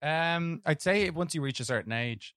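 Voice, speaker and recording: A man's voice: fairly high pitch, animated, moderate pace, fairly bright tone. An Irish man co-hosting a podcast, chatting casually and enthusiastically about films, swearing freely. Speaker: podcast co-host. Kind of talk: casual film chat.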